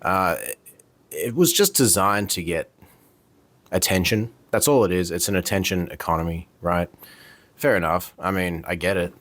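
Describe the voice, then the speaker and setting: A very low-voiced man rants straight into his camera, heated and profane, circling back to the same complaints with plenty of "um" and "like". The sound is dry and close, with no room around it. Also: moderate pace, a bit bright, no echo. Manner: heated, profane, repetitive, frequent fillers. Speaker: vlogger. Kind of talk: casual rant to camera. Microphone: camera mic.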